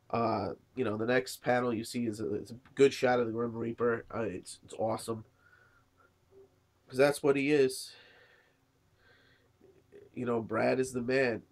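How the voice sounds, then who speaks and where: A man who is sick and coughing, casually reviewing a manga chapter and rambling with many fillers. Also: mid-range voice. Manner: rambling, lots of "you know" and "uh". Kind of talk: casual chat.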